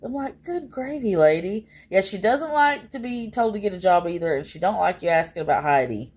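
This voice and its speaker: A woman's voice: fairly low pitch, fairly quick. A woman chatting casually on a livestream, rambling and exasperated, with many fillers.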